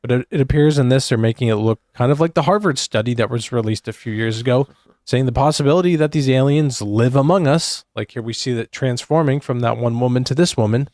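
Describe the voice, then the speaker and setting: A man's voice: mid-range voice, fast talker, no room sound, studio quality. Man narrating a trailer reaction. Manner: steady, narrating what is on screen. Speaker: channel host. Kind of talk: reaction video commentary.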